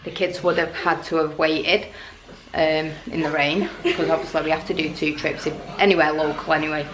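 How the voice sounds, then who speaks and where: A woman's voice: low voice, fairly even intonation, fairly quick. A woman in her forties chatting casually to camera for a family vlog, rambling on to her viewers. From England. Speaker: family vlogger. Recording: echoey room with background noise.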